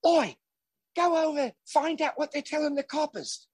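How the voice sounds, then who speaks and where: A man's voice: very high voice, normal speed, no room sound, pitched above the performer's own voice. A man doing an impression of a bossy English woman rock manager, in a put-on English accent, blunt and commanding.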